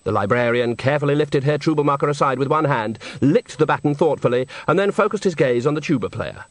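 A man narrating a comic novel in a wry, lively storytelling manner. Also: fairly high pitch, fast, no echo. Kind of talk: audiobook narration.

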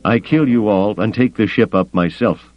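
A man's voice: on the low side, moderate pace, highs cut off, pitched above the performer's own voice, lightly acted. A man voicing a cornered male traitor, blustering and menacing, in a raised, tense voice. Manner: tense, snarling.

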